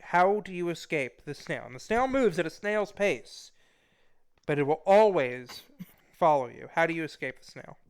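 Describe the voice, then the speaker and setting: A man's voice: a little high, lively intonation, moderate pace, smooth. A man hosting a casual interview talk show, joking and playfully rude.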